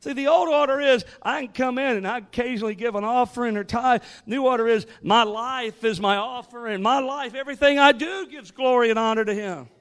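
A man's voice: very high voice, brisk, hardly any pauses, a bit bright. A man preaching a sermon, moving from joking asides to rising call-and-response exhortation. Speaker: guest preacher.

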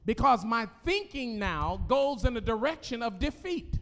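High-voiced male pastor preaching. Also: moderate pace, gravelly, in a large hall. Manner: animated, call-and-response, laughing asides. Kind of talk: sermon. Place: church.

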